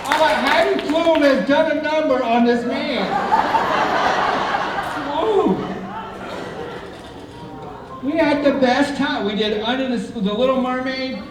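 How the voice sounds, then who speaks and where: A man's voice: very high-pitched, a little slow, over a noisy crowd, very noisy. A man performing a live stand-up routine on a theatre stage, telling chatty, self-mocking stories. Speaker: stand-up comedian. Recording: echoey theatre from far off.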